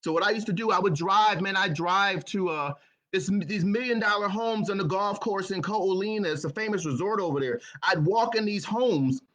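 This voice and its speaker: A man with a high voice, telling his own story as a motivational speaker. His tone is bright and forceful. He speaks earnestly and often doubles back on his words. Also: normal speed. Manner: earnest, repeats words and phrases. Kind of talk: personal storytelling talk.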